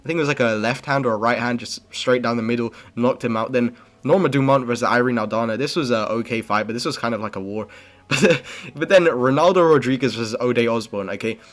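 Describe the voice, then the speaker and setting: A man's voice: mid-range voice, quick pace. Rambling young man tossing out "bro". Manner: rambling, slangy, says "bro" and "okay" constantly; blunt and opinionated. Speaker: MMA commentary channel host. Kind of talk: casual recap commentary.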